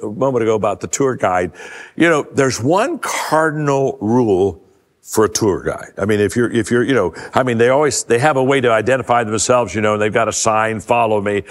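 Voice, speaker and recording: An older man in a mid-range voice gives a folksy keynote talk, telling stories with plenty of stammered restarts. He sinks his voice low to hammer home key points. The sound carries a long reverb from a large event hall. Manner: folksy storyteller, many stammered restarts, drops low for emphasis. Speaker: leadership speaker. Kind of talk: conversational keynote talk to a live audience.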